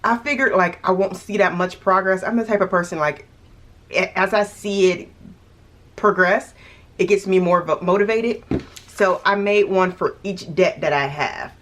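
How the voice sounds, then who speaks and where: A woman's voice: medium pitch, normal speed, a bit bright. A woman vlogging casually about paying off her debt, thinking aloud with restarts, little laughs and a touch of hiccups. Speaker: budgeting vlogger. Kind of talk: casual vlog talk to camera.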